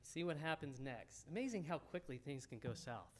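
Male preacher with a high voice, folksy conversational sermon, speaks straight to the congregation. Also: animated, moderate pace.

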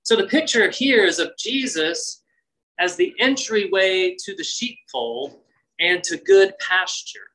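Bright-voiced male pastor preaching. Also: takes it slowly, poor audio. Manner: expressive, acts out quotes with shifting pitch. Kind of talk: sermon.

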